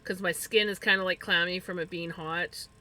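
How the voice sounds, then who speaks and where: A woman streamer chatting casually while crafting, talking to her cats and telling animated stories about them. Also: fairly low pitch, normal speed, rough recording. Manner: animated storytelling with playful voiced asides.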